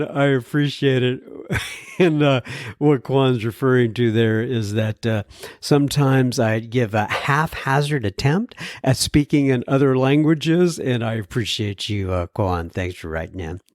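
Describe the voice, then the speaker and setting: A man's voice: mid-range voice, measured pace, dry recording, studio quality. A man hosting a casual podcast, talking earnestly with plenty of fillers and frequent chuckles. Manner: chuckles often while talking; earnest and warm-hearted, with many fillers. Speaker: podcast host.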